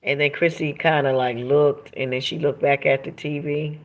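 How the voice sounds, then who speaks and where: A woman's voice: sits low, fairly even intonation, normal speed. A woman hosting a livestream, reading viewer comments aloud and talking in an emphatic, preachy way that repeats phrases for emphasis. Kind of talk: emotional livestream monologue.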